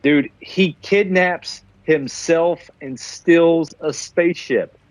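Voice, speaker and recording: A man's voice: a little high, slow pace, dry recording, rough recording. A man co-hosting a podcast, casually and profanely retelling movie scenes. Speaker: podcast co-host. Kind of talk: casual movie-review chat.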